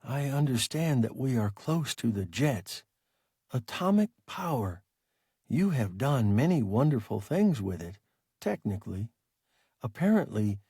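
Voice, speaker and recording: A slow, unhurried alien creature muses in a gravelly, husky voice, as a man reads it aloud. It reasons formally and calmly, its pitch rolling widely across each sentence in a dry, close storybook reading. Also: dry recording, full character voice. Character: calm, philosophical alien creature, large and sluggish.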